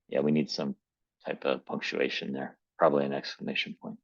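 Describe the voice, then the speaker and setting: A male writing coach giving a live critique of a manuscript, reading passages aloud and thinking through his comments in a measured, tentative way. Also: extremely low pitch, level tone, vocal fry, breathy edge, dry recording, lo-fi sound.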